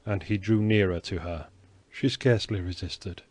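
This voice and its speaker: A man narrating a classic novel as an audiobook in a measured, even way. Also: low-pitched, no room sound. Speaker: audiobook reader. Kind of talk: scripted narration.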